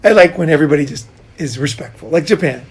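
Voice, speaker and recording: A middle-aged man hosting a casual talk, telling animated stories with laughs and casual swearing. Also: fairly high pitch, fast, slightly rough. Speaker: podcast host. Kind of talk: casual conversation, storytelling.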